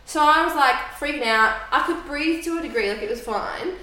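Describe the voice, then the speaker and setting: 호주 억양의 생기 있는 여성 팟캐스트 진행자, 울리는 방. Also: female voice, sits high, brisk. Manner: animated storytelling, acting out quotes. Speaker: podcast co-host. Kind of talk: casual chat. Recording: echoey room.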